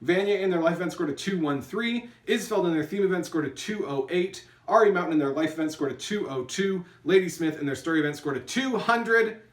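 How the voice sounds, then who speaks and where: A man's voice: high voice, lively intonation, a little fast, few pauses, echoey room, recorded from a distance. A man hosting an online improv tournament from his apartment, chatting casually with lots of fillers and restarts while thanking people and reading out scores. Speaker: host announcing tournament scores. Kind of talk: casual online awards announcement.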